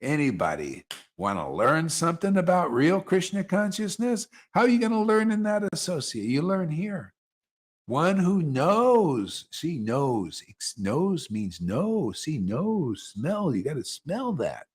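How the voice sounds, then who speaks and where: A man giving a relaxed spiritual talk, his voice sitting a little high and swinging widely in pitch. He rambles casually, laughs now and then, and drops into teasing impressions. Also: a little slow, husky. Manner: animated, mocking quoted voices, chuckling. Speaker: spiritual teacher leading satsang. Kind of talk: informal devotional talk.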